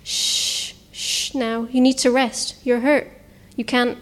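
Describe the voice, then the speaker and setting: A woman reading a story voices a wild, bearded hermit man who coos and hushes in a dry, cracked voice. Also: on the high side, flat delivery, slow. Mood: hushing. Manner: soothing in a creepy way, hushing.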